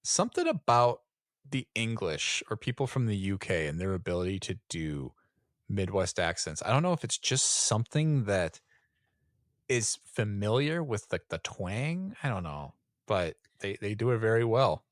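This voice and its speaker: A man's voice: lowish voice, very animated, normal speed, no room sound, studio quality. A man co-hosting a podcast in casual chat, laid-back and rambling, often chuckling. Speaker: podcast co-host.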